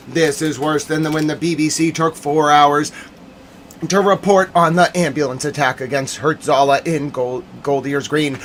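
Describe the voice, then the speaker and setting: A man's voice: on the high side, fairly even intonation, moderate pace, a bit bright, slight background noise. A man hosting a livestream news commentary, ranting indignantly and demanding answers.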